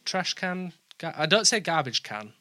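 A man with a Yorkshire accent, a presenter in easygoing, quick chat. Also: fairly high pitch, sing-song, pushed and bright. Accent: Yorkshire English. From Yorkshire, England. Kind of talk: casual chat.

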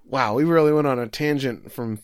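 A man's voice: mid-range voice, clean tone, dry recording, clean studio sound. A young man casually recapping an anime episode as a podcast co-host, joking and acting out the characters' lines. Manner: joking, acts out characters' lines in quick voices. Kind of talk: casual chat.

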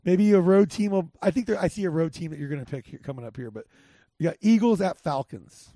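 A podcast host with a high-pitched, warm voice talks fast, rambling casually through game picks in a sports betting chat. He restarts often and uses lots of filler; the audio is studio quality with no room sound.

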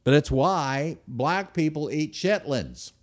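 Emphatic man with a lively, swinging voice. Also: fairly high pitch, takes it slowly. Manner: emphatic, swings from loud stresses to near-whispers. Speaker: speaker. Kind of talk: speech to an audience.

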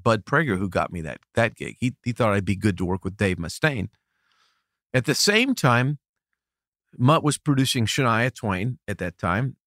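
A middle-aged American record producer tells stories in a casual interview, animated, laughing easily and restarting sentences often. His voice is mid-range, recorded with clean studio sound and no echo.

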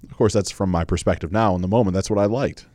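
A man's voice: sits low, quick pace, dark tone, dry recording. A man in his thirties hosting his own podcast, telling a personal story in a candid, conversational way, with emphatic repetition and casual swearing. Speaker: podcast host.

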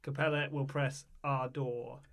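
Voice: medium pitch, level tone, unhurried, gravelly, a bit bright, a little hiss or hum. A player in a tabletop role-play, joking and playful.

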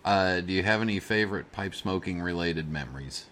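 A man's voice: low voice, brisk, a bit bright, slight background noise. A man hosting a podcast interview, teasing and prompting his guest with questions. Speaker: podcast host. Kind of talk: casual interview chat.

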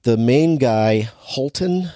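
A man's voice: medium pitch, animated, slow, dark tone. A man casually recapping a movie plot in a rambling way, full of "like" fillers.

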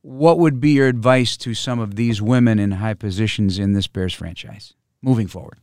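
A man hosting a sports podcast and interviewing a guest, speaking in a measured broadcaster's way with frequent fillers. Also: fairly low pitch, a little mellow, no room sound, clean studio sound.

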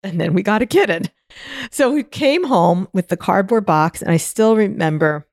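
A middle-aged woman hosting a solo podcast, telling personal stories in a chatty way with animated restarts. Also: lowish voice, dry recording, studio quality. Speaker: podcast host.

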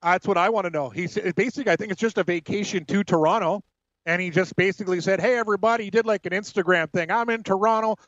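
A man co-hosting sports radio, giving brisk score updates and joking banter with frequent laughs. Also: high voice, a bit bright, dry recording, muffled recording. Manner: brisk, jokey, laughs often.

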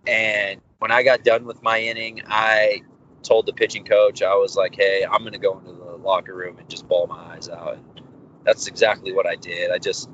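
A young adult man, a baseball pitcher being interviewed, telling his story casually and acting out the dialogue as he goes. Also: normal speed. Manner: animated, candid storyteller acting out quoted dialogue. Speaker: professional baseball pitcher, guest. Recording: dull lo-fi audio with faint background noise.

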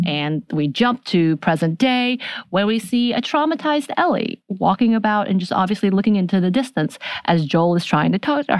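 Low-voiced woman recapping casually. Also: dry recording. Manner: chatty storytelling with frequent fillers. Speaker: podcast host.

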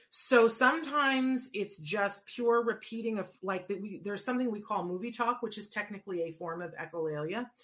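A woman hosting a live show, telling stories and answering questions in a chatty, expressive way with frequent fillers. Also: mid-range voice. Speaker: host. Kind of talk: casual live show talk.

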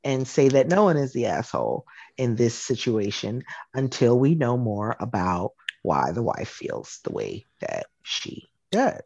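A woman co-hosting a podcast in casual chat, thoughtful and measured in how she weighs things. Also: a bass voice, very animated, creaky, a little mellow, husky, no room sound, muffled recording. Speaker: podcast co-host.

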